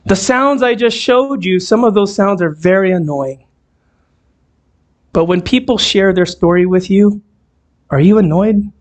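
High, slow-talking male preacher. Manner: conversational, asks the audience questions. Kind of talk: sermon. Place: church hall, also streamed on a video call.

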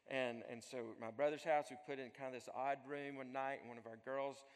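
Man, pastor, sermon, loud to hushed delivery, mid pitch, long hall reverb, church sanctuary. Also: fairly even intonation, fairly quick. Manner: dynamic, swings from loud pleading to soft near-whisper.

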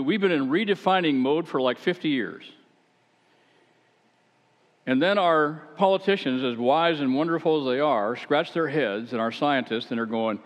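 A man preaching a conversational sermon, chatty and rhetorical, with wry asides and self-deprecating stories. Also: medium pitch. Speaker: pastor. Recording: echoey hall, dull lo-fi sound.

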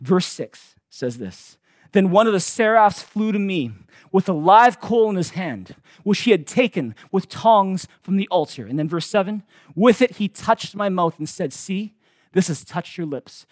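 High-voiced emphatic male pastor preaching. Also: animated, measured pace, no room sound, clean studio sound. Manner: emphatic preaching with big swings in loudness, acting out quoted voices. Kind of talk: sermon.

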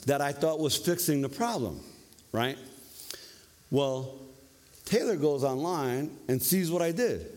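Man preaching a sermon in an echoing hall. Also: on the high side. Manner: conversational, animated, tag questions. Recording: long reverb of a hall.

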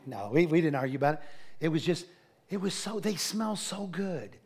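A middle-aged male preacher telling funny stories in a sermon, animated and laughing, acting out the voices of others. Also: fairly high pitch, moderate pace, husky. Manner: animated, laughing, acts out quotes. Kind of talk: humorous sermon storytelling.

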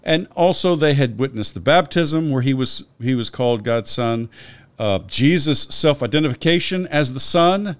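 Man, scholarly Bible discussion, lively up-and-down intonation, explanatory and methodical. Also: mid-range voice, moderate pace, smooth. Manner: scholarly, explanatory, with frequent restarts and citations. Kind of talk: conversational podcast discussion.

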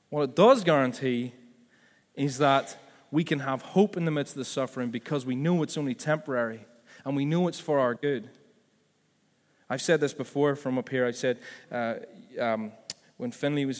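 A man's voice: fairly high pitch, big-room sound. A man preaching a sermon as pastor, conversational and full of asides and self-corrections.

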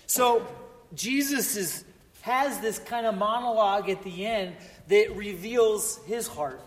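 A man with a notably high voice delivers a sermon as pastor. He speaks earnestly and emphatically, circling back to exclamations as he presses his point. His words ring out with a long reverb, as if in a large church hall. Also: expressive, a little slow.

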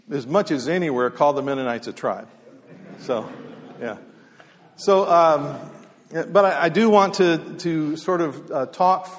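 A man telling folksy stories casually, with many fillers and restarts, in a halting, easygoing way. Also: a little high. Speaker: storyteller speaker. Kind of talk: casual spoken storytelling. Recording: long hall reverb.

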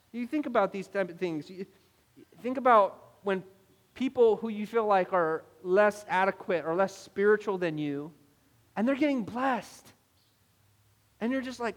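Pastor, male, higher register, animated storyteller, echoing church hall. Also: moderate pace. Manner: animated storytelling, mock-exasperated asides. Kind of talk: sermon. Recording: long hall reverb.

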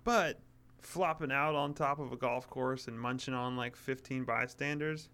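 A man's voice: mid-range voice, moderate pace, clean tone. A man co-hosting a casual gaming chat, explaining at an easy pace. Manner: relaxed, explanatory, lots of fillers. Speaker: podcast co-host.

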